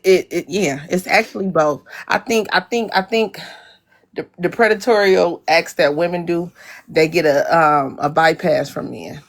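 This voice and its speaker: Giggly woman guest, low voice. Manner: giggly, halting, many fillers. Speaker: livestream guest. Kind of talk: casual chat.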